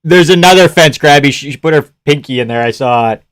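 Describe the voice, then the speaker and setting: A man hosts a live fight reaction stream, his voice sitting a little high. He chats with viewers, answers their questions and swears freely. When the action heats up he yells at the fighters and the referee. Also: brisk. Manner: reads and answers chat. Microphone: desk mic, gain adjusted live.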